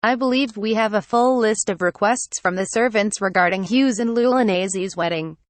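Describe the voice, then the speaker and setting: A patient, soft-spoken nobleman from a fantasy audiobook, as a woman reader voices him. He talks in a measured, reasonable way, at a middle pitch. The sound is close and dry. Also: no echo, close to an everyday voice. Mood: matter-of-fact.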